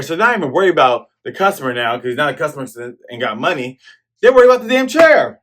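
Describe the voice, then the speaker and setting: A man casually recapping a comic chapter, retelling it in a slangy, animated way and dropping into quick character voices. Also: fairly high pitch.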